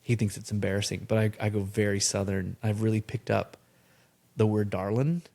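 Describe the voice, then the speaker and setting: A man with a fairly low voice hosts a casual podcast chat. He talks in an animated, chatty way and slips into playful accent impressions now and then. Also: fairly quick, gravelly. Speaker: podcast host.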